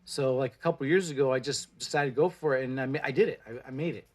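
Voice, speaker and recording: Talking fast in a mid-range voice, a man in his forties gives pep-talk advice on an indoor livestream, blunt and swearing freely. He is a plant-based food vlogger from Mexico whose first language is Spanish.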